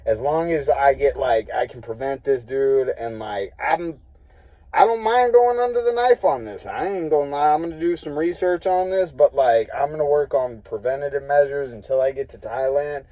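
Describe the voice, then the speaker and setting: A man's voice: medium pitch, normal speed, warm tone, no echo, dull audio. A young man ranting casually to his viewers, profane and rambling, frustrated and full of fillers. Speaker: vlogger. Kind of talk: casual rant to camera.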